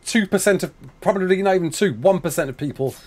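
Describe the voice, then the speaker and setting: A man's voice: high-pitched, quick pace, darkish tone. A young man, from England, streaming a game live, chatting, joking and laughing while reading chat aloud.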